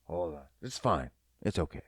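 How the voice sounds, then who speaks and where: A man's voice: low voice, big pitch swings, normal speed, breathy edge. A young man hosting a comedy podcast on his own, rambling, swearing and poking fun at himself. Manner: profane, rambling, self-mocking. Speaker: podcast host. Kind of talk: solo comedic podcast rant.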